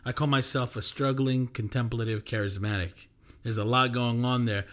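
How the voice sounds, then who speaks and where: A man's voice: mid-range voice, normal speed, fairly bright tone. A man hosting a casual podcast interview, affirming his guest often.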